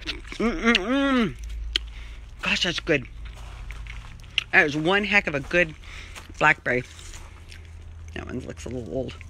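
A woman talks casually and rambles as she walks through her garden, filming herself on a phone. Her voice is bright and lively, rising and falling a lot. Faint outdoor ambience sits behind her. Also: lowish voice, slight background noise, rough recording. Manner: chatty, rambling, self-filming tour. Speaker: vlogger. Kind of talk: casual chat.

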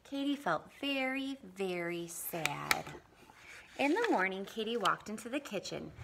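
A woman reading a picture book aloud to young children as a visiting parent, in an animated, expressive way. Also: fairly high pitch, normal speed, very noisy. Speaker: parent community reader.

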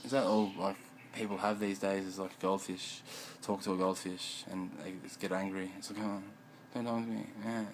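Aussie bloke mumbling and cursing thru a rambling vlog, lowish voice, bit of background hiss. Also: male voice, flat delivery, normal speed, poor audio.

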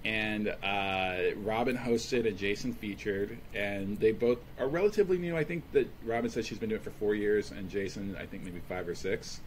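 A man with a fairly low voice chats casually on a comedy podcast, drifting through stories with lots of "uh"s and "you know"s. A faint hum sits under the recording. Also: normal speed, few pauses. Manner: relaxed, rambling storytelling with many fillers. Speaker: podcast co-host; stand-up comedian. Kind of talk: casual chat.

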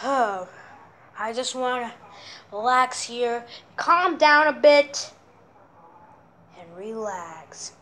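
A man's voice: very high-pitched, drawn-out words, long pauses, pushed and bright, slight background noise, full character voice. A young man voicing a grumpy, exasperated grown-up father in an amateur plush puppet skit. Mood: weary. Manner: scolding, exasperated.

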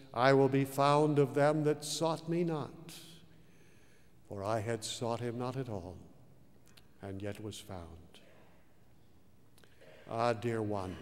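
Male pastor, unhurried sermon delivery, swings from loud to hushed, reverberant church hall. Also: medium pitch. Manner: slow, dramatic preaching with wide swings between loud and hushed.

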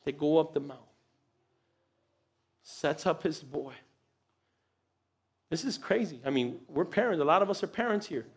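High-pitched guy preaching in church, super animated, does little voices, laughs a lot. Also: moderate pace, long pauses, breathy edge. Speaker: pastor. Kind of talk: sermon. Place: church sanctuary.

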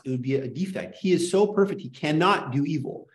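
A man's voice: fairly high pitch, lively intonation, brisk. A man lecturing a small class in an impassioned, worked-up rant. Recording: echoey room.

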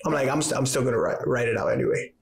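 A man's voice: medium pitch, very animated, very fast. A young man co-hosting a podcast, laid-back and saying dude and bro a lot. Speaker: podcast co-host. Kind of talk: casual chat.

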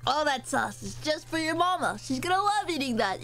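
Playful young woman streamer, fairly high voice, soft music underneath. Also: sing-song, normal speed. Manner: playful and joking, reads out and thanks chat, swears casually. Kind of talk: casual live-stream chat while eating. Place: home, eating on camera.

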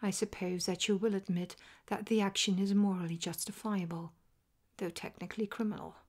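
A woman's voice: medium pitch, fairly even intonation, close to an everyday voice. Sherlock Holmes, a cool detective whispered by a woman. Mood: calm resolve. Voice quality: soft, half-whispered. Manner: measured and resolute. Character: cool, self-assured male detective. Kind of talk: whispered role-play.

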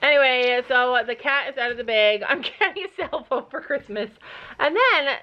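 A woman's voice: high-pitched, moderate pace, dull audio. A middle-aged woman chatting casually in a family vlog, telling funny stories and laughing often. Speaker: vlogger, mother of the family. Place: family home and horse barn.

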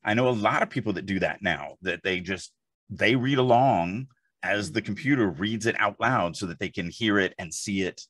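A man's voice: on the low side, moderate pace, fairly bright tone, no room sound. A man co-hosting a podcast, chatting casually in an emphatic, rambling way full of asides. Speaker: podcast co-host. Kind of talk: casual chat.

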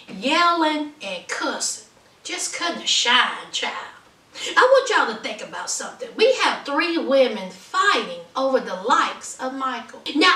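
A woman gives a sassy casual recap, full of mocking asides. Her voice is bright and high, with lively swings in pitch. It echoes in a room, picked up from a little away from the mic. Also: distant mic. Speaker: TV recap vlogger.

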